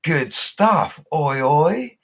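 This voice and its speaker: A man's voice: on the high side, big pitch swings, very slow, fairly bright tone, slightly rough. A young man, hosting a casual livestream, reading out viewer comments in a laid-back, slangy way. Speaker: bricklayer livestream host. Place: home setup he calls a studio.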